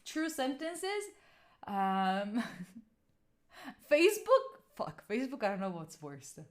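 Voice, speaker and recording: A young Italian woman in her twenties talks to her live stream viewers in English with an Italian accent, her voice medium-pitched and slow. She's animated and frank, swearing freely as she reads the chat and answers it.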